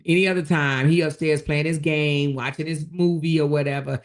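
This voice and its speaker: A woman hosts a relaxed livestream, reading viewer comments aloud and answering them. Her voice has a gravelly, fry-heavy edge. She laughs often and acts out both sides of her arguments. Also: sits low, a little fast. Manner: laughs often, calls listeners "child". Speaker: host of a live commentary show.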